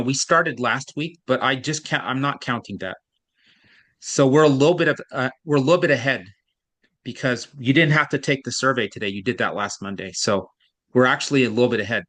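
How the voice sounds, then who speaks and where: A man's voice: medium pitch, fairly bright tone. A man tutoring a student in reading, explaining patiently and at length, with frequent restarts. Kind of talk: one-on-one online tutoring.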